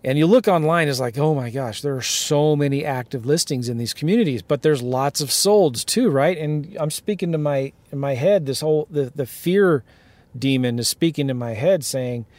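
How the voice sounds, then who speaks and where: This man's voice leans high, moves at a normal speed and has no echo. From a car, the podcast host and real estate investor tells a deal story, ranting casually and emphatically while laughing.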